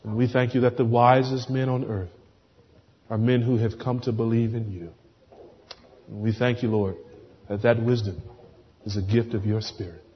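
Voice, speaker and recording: A man preaching a sermon with fervent, swelling delivery that drops to hushed pleading and prayer. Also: medium pitch, fairly even intonation, moderate pace, pauses often, a little hiss or hum. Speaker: pastor. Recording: dull sound with long hall reverb.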